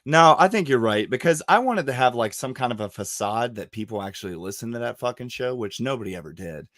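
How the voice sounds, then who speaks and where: A man in his thirties hosting a podcast, telling stories in casual, profane chat with lively quoted voices. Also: mid-range voice, fairly quick, no room sound, clean studio sound. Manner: profane, storytelling, animated quoting. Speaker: podcast host.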